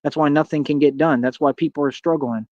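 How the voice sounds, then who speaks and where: A man's voice: on the high side, steady tone, brisk, a little mellow, no room sound, muffled recording. A man delivering a confrontational, boastful rant as a streamer, heavy on slang and taunts. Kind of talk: ranting monologue to camera.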